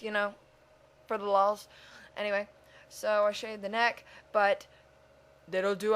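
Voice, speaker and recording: Brief: chatty woman, rambling self-mocking voice-over for a drawing video, mid-pitched. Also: fairly bright tone. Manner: chatty, talks to herself. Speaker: video creator. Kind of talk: casual voice-over over a speed drawing.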